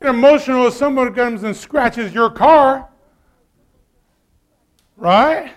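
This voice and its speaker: A man's voice: extremely high pitch, slow pace, pauses often. A man preaching a sermon in a conversational way, often putting questions to the congregation. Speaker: pastor.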